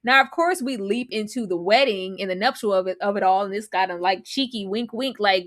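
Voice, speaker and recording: A woman co-hosting a casual movie review chat, acting out characters' lines as she talks. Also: fairly quick. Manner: animated, acts out characters' lines with big pitch jumps. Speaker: podcast co-host.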